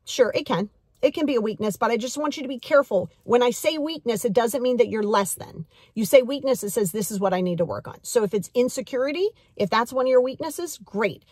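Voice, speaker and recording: A woman's voice: fairly high pitch, lively intonation, a little fast, darkish tone, breathy edge, dry recording, studio quality. A woman in her forties giving a motivational talk as a life coach, earnest and direct, repeating key phrases for emphasis.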